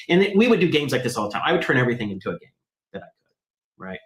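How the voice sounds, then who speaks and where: Animated man telling a story, echoey room. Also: medium pitch, very fast. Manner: animated, acts out quoted voices. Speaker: guest, math program founder. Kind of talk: conversational storytelling.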